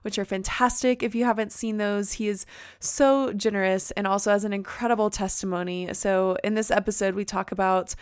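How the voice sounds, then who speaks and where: A woman hosting a podcast, with a smooth, clear voice recorded close and dry. She introduces episodes and responds to guests with short, affirming words. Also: mid-range voice, fairly even intonation, a little fast, dry recording. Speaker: podcast host.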